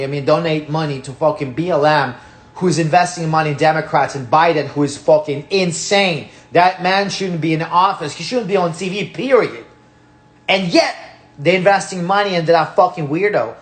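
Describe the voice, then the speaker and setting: A man with a Russian accent, a native Russian speaker, giving a heated, profane rant as host of his own channel. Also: high-pitched. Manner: profane, repetitive, ranting.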